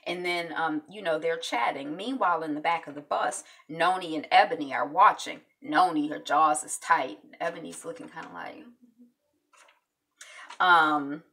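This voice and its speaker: A woman talks through a TV episode in a loose, chatty way, dropping ums and quick asides as she goes. Her voice sits on the lower side yet comes across bright and forceful. She is a little distant from the microphone. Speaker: TV recap vlogger. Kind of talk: casual episode recap.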